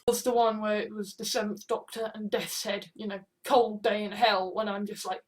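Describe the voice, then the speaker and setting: A man's voice: high-pitched, level tone, moderate pace, few pauses, low-quality recording. A young man, rambling through monologue clips with heavy swearing and many restarts. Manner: profane, rambling, with frequent restarts. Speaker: amateur sermon vlogger.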